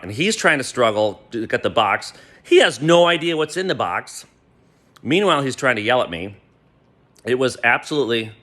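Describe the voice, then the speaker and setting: A man telling a personal story to a friend, animated and swearing freely. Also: medium pitch. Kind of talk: gleeful personal anecdote.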